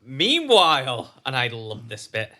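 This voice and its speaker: A man on a podcast, chatting quickly and with amusement about a game weekend. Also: mid-range voice, huge pitch swings, a crowd in the background. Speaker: podcast co-host. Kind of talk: casual chat recounting a larp weekend.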